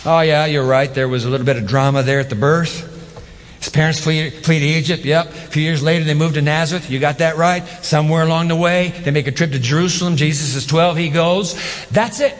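Male pastor preaching, kinda high voice, lots of repeating and questions, big echoey church. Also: a little fast. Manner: animated, rhetorical questions, emphatic repetition. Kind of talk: sermon.

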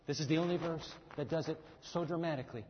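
A man preaching a sermon, dramatic, acting out the scripture characters in lively bursts. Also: a little high, fast talker, slight background noise. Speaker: pastor. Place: church sanctuary. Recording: muffled hall recording with long reverb.

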